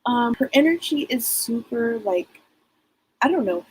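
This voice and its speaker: A woman's voice: on the high side, lively intonation, unhurried, slight background noise, poor audio. A middle-aged woman hosting a live psychic reading broadcast, rambling casually with many fillers. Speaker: psychic show host.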